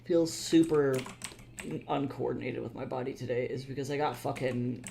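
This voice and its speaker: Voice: mid-range voice, fairly even intonation, normal speed, creaky, mellow, slight background noise. A streamer chatting casually and rambling, swearing freely, tired from too little sleep. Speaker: livestreamer. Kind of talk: casual livestream chat.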